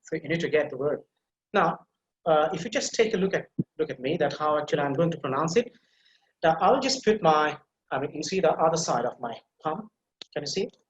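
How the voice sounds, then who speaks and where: Heard over slightly muffled video-call audio that's reverberant with a little hiss or hum, a man with a somewhat high voice teaches English pronunciation in a live online class. Fairly quick, with lively intonation, he patiently repeats words and restarts phrases as he explains.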